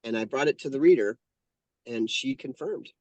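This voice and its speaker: A man's voice: mid-range voice, normal speed, darkish tone, no room sound, highs cut off. Fifties guy telling his story in an interview, earnest, keeps restarting sentences, dry close audio. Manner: earnest, heartfelt, lots of self-corrections. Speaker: guest, painter and channeler.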